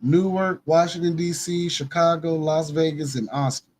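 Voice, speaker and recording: Insistent, higher-pitched man hosting news commentary. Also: steady tone, moderate pace, darkish tone. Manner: emphatic, insistent, repeats his points. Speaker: host of a news commentary show. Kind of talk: casual conspiracy news commentary.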